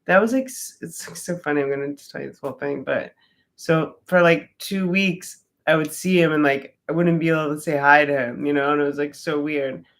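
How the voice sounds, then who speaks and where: Rambling, animated woman telling a story. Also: low-pitched, fairly quick. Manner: rambling, heavy on "like" fillers; animated, swears freely. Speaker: vlogger. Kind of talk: casual personal storytelling.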